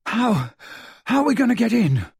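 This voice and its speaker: A man voicing a frightened, breathless teenage boy wizard, speaking high and urgent in an audiobook. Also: sing-song, very slow, a little mellow, slightly rough, no room sound, studio quality, heavily acted. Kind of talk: audiobook character voice.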